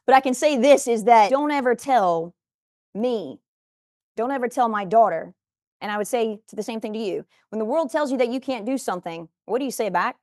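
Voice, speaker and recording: A woman's voice: on the high side, lively intonation, fairly quick, a little mellow, no room sound. A woman in her forties gives a motivational talk in a studio, speaking emphatically and addressing viewers directly.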